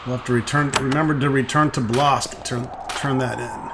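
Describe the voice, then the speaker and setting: A man's voice: mid-range voice, fairly even intonation, fairly quick, gravelly, few pauses, noisy background. A man hosting a let's play, reading the game's text aloud and adding offhand, jokey asides. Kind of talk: casual game commentary, reading on-screen text aloud.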